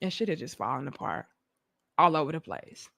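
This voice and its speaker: A young adult woman, delivering a profane, animated commentary rant and acting out mocking voices. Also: deep voice, fairly quick, creaky. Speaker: commentary host. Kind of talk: ranting commentary monologue.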